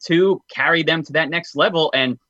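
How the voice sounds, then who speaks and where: A man co-hosting a casual wrestling podcast with a bright, slightly high voice. He rambles and fills his sentences with "like" and "you know." The sound is dry and somewhat lo-fi. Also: normal speed, no echo. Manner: rambling, lots of filler words. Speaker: podcast co-host.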